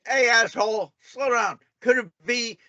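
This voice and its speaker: A man's voice: very high-pitched, unhurried, pushed and bright, dry recording, muffled recording. A man in a heated argument who taunts his opponent and keeps cutting in to demand a turn. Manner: taunting, keeps cutting in with repeated calls for attention. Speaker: debater.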